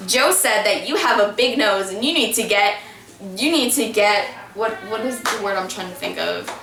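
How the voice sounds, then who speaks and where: A woman's voice: medium pitch, expressive, moderate pace, vocal fry, noisy background. A young woman telling a story in casual chat, rambling with many fillers and restarts. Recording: echoey room, from far off.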